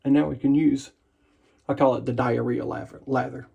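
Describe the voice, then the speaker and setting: A man shaving in his home bathroom hosts a wet shaving vlog, joking self-deprecatingly and rambling. His mid-range voice is steady, creaky, dark and slightly rough at a normal speed, and the audio sounds dull.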